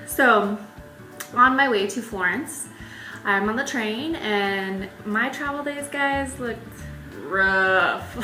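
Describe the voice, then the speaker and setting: Chatty bright young woman vlogger. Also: on the high side. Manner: chatty and animated, laughs often, many "like"s. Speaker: travel vlogger. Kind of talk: casual travel storytelling. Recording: echoey room with faint music.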